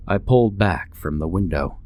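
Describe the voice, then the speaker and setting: A man narrating a horror story in the first person, with measured, dramatic storytelling. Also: sits low, lively intonation, darkish tone.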